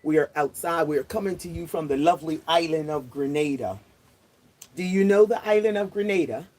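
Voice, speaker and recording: A woman's voice: deep voice, fairly quick, a little mellow. A woman in her sixties hosting a casual livestream chat outdoors, chatty and laughing often as she greets viewers. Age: 60s. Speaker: livestream host.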